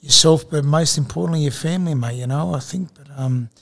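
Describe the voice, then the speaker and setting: A man's voice: fairly high pitch, a little fast, vocal fry, a bit bright. A man co-hosting a podcast, talking in a laid-back, casual way and filling his speech with friendly asides. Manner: laid-back, peppers talk with "mate" and "you know". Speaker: podcast co-host. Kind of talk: casual chat.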